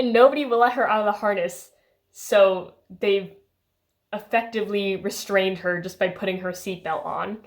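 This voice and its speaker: A young woman vlogging about a book she read, chatty and sarcastic, full of filler words. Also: medium pitch. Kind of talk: casual chat.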